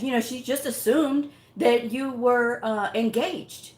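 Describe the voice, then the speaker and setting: A woman's voice: sits high, normal speed, hardly any pauses. A woman hosting a medical coding channel, telling a story bluntly and directly. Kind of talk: casual talking-head rant. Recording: echoey room sound.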